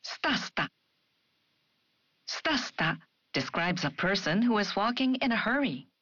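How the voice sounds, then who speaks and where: A woman narrating a scripted language lesson, speaking clearly and carefully, lifting her voice on example questions. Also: mid-range voice, sing-song, moderate pace, a bit bright, no echo, highs cut off. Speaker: language program co-host.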